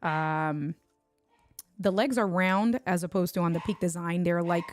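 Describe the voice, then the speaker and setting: A woman's voice: lowish voice, steady tone, a little slow, faint music behind. Chatty woman streaming a tech unboxing. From Puerto Rico. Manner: chatty, banters with viewers in chat. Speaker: tech livestream host. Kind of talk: casual livestream unboxing.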